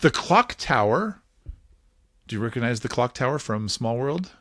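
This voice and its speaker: A man hosting a casual podcast, talking in a playful, animated way and laughing often. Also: medium pitch, normal speed, no room sound, clean studio sound. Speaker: podcast host.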